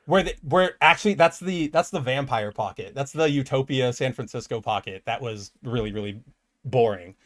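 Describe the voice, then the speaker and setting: A man's voice: medium pitch, normal speed, a bit bright. A young man co-hosting a casual comic book podcast, talking animatedly and acting out quoted lines. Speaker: podcast co-host.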